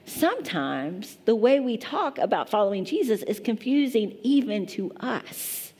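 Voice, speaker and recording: A woman's voice: a little high, a little mellow. A woman pastor in her thirties from Kentucky with a strong Kentucky accent, preaching a chatty, self-deprecating sermon. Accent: Eastern Kentucky.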